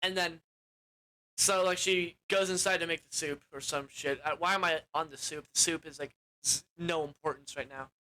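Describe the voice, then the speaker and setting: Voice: mid-range voice, fairly even intonation, moderate pace, pushed and bright, rough recording. A film reviewer giving a casual, rambling plot recap, often correcting themselves and swearing offhandedly.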